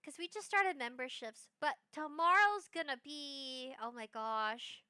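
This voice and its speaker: A young woman streaming live, chatting in a rambling, bubbly way with bursts of excited squeals. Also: high voice, a little slow, no echo, clean studio sound. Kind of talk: casual live-stream chat.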